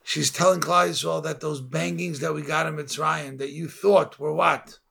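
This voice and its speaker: A man preaches as a rabbi with a gravelly, husky voice. He weaves stories into his sermon and rises to impassioned shouts on the key points. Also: a little high, fairly even intonation, moderate pace. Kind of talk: sermon with storytelling.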